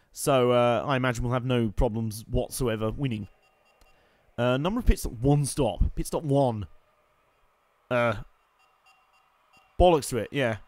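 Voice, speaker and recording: A man giving wry, chatty live commentary while playing a racing game, swearing and reacting loudly to the action. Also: mid-range voice, no room sound. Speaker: streamer.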